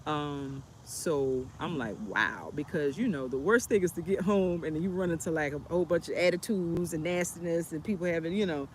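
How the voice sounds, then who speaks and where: A woman's voice: fairly low pitch, fairly even intonation, fairly quick, few pauses, a little mellow, slight background noise. A woman chatting casually on a storytime livestream, rambling with many fillers while sitting on a bench outdoors. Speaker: travel vlogger.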